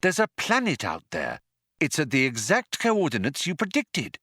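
A man's voice: fairly high pitch, wildly swooping pitch, normal speed, pushed and bright, dry recording, studio quality, voice pushed up, exaggerated voice. A man voicing an eager young woman explaining what she sees on the instruments, in an audiobook.

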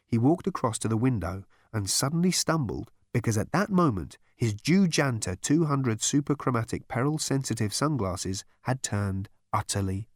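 Man narrating an audiobook with lively pitch. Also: dry recording, clean studio sound. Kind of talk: scripted narration.

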